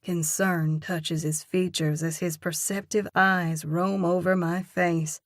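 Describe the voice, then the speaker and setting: A woman narrating a romance audiobook in the first person, with a measured, expressive reading. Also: fairly low pitch, no room sound, studio quality.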